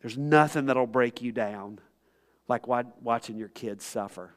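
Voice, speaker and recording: A man preaching a sermon as pastor, impassioned, swinging between loud pleading and hushed, quiet tones. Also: medium pitch, unhurried.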